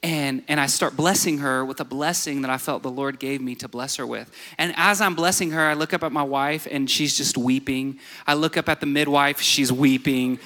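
A man's voice: mid-range voice, steady tone, moderate pace, hardly any pauses, bright, forceful tone. Man preaching in a reverberant hall. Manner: storytelling, builds to emphatic exhortation. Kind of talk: sermon.

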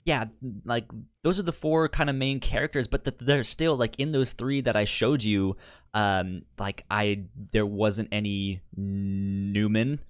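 Clean studio sound with no room noise carries this podcast co-host's lowish, clear, resonant voice, steady in tone and measured in pace. His casual chat rambles, with frequent restarted words and laughter.

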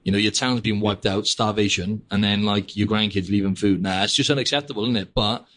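Brisk and fairly bright, the low, steady voice belongs to a young podcast host. His talk wanders casually, full of "mate" and "like" at every turn.

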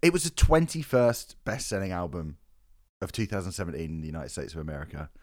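A man's voice: sits low, sing-song, fast, darkish tone, dry recording. A man co-hosting a podcast, reading reviews aloud with dry, sardonic asides and swearing. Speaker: podcast co-host.

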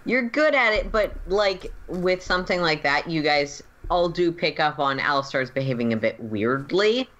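Game master narrating a tabletop game, casual, lots of ums, mid pitch, kinda dull audio. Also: animated, normal speed, few pauses, fairly bright tone. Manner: casual, many "um"s and "like"s while describing scenes.

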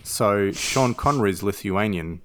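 A man joining a casual film podcast as a guest, making measured, wry comparisons. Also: fairly low pitch, fairly bright tone.

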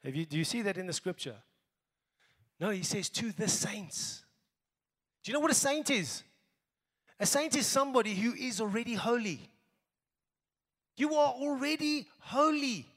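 A middle-aged South African man preaching a sermon as pastor, emphatic, moving between raised exhortation and quiet asides. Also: very high voice, lively intonation, moderate pace, pauses often, in a large hall. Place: church.

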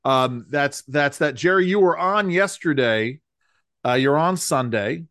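Male co-host, fairly high voice, emphatic and driving, dry close recording. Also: expressive, unhurried, a bit bright, dry recording. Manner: emphatic, rising to anger. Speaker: podcast co-host. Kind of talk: podcast political talk.

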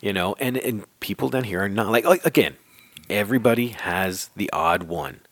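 Canadian man, lowish voice, dry close sound, blunt and relaxed. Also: normal speed, no echo. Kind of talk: casual chat.

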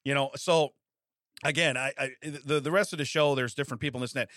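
A man's voice: mid-range voice, steady tone, fast talker, a bit bright, no echo, clean studio sound. A middle-aged man from the United States co-hosting a casual chat, rambling through stories with frequent laughs and restarts. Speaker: podcast co-host.

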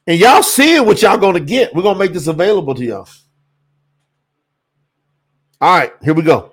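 A man teaching scripture on a livestream, preacherly and animated, bursting into shouts. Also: sits high, quick pace, breathy edge. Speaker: Bible teacher and livestream host.

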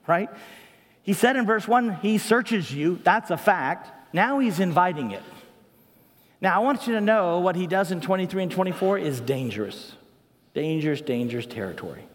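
A middle-aged man preaching a sermon with a notably high-pitched voice. He talks conversationally, tossing in asides and quick "right?" checks to the congregation. A long hall reverb trails his words. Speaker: pastor.

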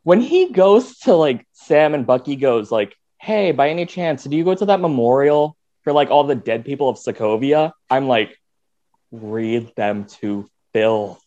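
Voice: medium pitch, animated, measured pace, dark tone, dull audio. A guest in a casual chat who rambles, packing the talk with "like" and acted-out quotes.

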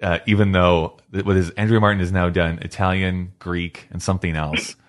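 A man's voice: low voice, flat delivery, normal speed. A man guest on a podcast, chatting casually and sounding wry and opinionated. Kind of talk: casual chat.

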